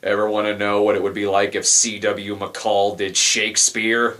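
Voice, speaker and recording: A man's voice: on the low side, completely flat delivery, normal speed, fairly bright tone. A man hosting a comedic movie review, sarcastic and wisecracking. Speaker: film reviewer host.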